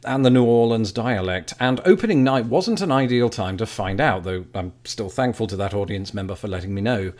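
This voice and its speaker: A man's voice: fairly low pitch, a little fast, hardly any pauses, a little mellow. A British man in his thirties, a YouTube host delivering scripted comic narration in a dry, wry, self-mocking way. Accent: British English. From Britain.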